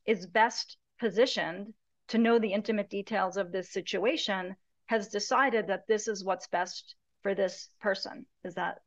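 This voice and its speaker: A woman hosting an interview, asking measured, reflective questions. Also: mid-range voice, highs cut off. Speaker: host and interviewer. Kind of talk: conversational interview.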